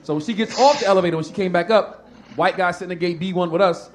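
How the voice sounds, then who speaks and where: A man doing stand-up comedy, telling a profane story in an animated way and acting out the people in it. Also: high voice, fast. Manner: animated, profane, acts out characters. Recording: live stage recording with noisy crowd. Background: audience laughter.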